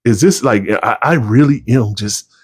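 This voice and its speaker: A man's voice: medium pitch, moderate pace, breathy edge, no echo. A man, a novelist, chatting casually to viewers on a livestream, rambling and tired.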